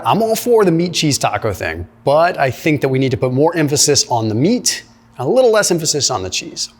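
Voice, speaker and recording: A man breaking down diet advice in an emphatic, explanatory way. He talks fast and conversationally, tossing in "like" and "right?" as he goes. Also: mid-range voice. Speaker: nutrition commentator. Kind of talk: commentary reacting to a clip.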